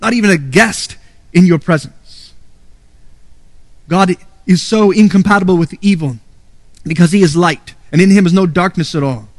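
Man, pastor, sermon, high voice, dry close sound, earnest emphasis. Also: moderate pace, long pauses, no echo. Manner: earnest preaching, quoting scripture with emphasis.

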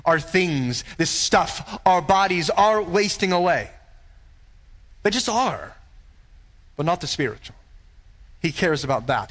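A man with a high voice preaches from the pulpit. His delivery is earnest and emphatic, and he keeps turning to rhetorical questions. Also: fairly bright tone. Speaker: pastor. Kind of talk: sermon.

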